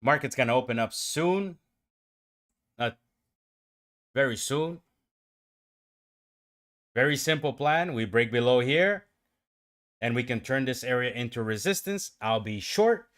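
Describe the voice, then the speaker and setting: A livestream day trader talks through his trades on his own stream, addressing both himself and his viewers. He shifts between calm explanations and excited outbursts, speaking at medium pitch in an unhurried way with long pauses.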